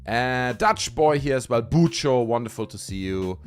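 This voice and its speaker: Animated German-accented man hosting a stream. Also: mid-range voice, moderate pace, soft background music. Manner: animated, theatrical showman, playful. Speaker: livestream host. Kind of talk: hyped live-stream chat.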